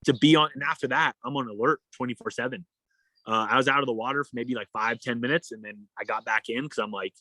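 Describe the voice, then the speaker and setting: A young man talks in a relaxed, casual way as a podcast guest, jumping into the voices of the people in his story as he goes. His voice sits at an ordinary pitch. The sound is dry and close to the mic. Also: quick pace, no echo. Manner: animated, acts out quoted dialogue. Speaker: guest, endurance athlete.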